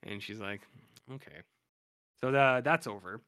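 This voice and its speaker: This podcast co-host speaks at a measured pace in a smooth voice on the low side, with a bright, forceful tone. His casual, rambling recap of a TV episode is full of fillers and loose paraphrases of what was said.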